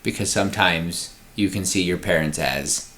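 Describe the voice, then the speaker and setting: A man's voice: sits low, moderate pace. A man co-hosting a podcast, casually brainstorming a story and acting out its scenes. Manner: animated, acts out scenes. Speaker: podcast co-host.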